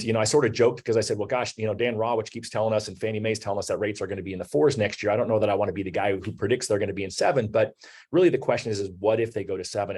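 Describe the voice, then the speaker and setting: A man's voice: on the low side, a little mellow, slightly rough. A man in his forties hosting an online business talk, speaking conversationally with many "you know"s and "um"s. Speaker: host. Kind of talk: webinar talk.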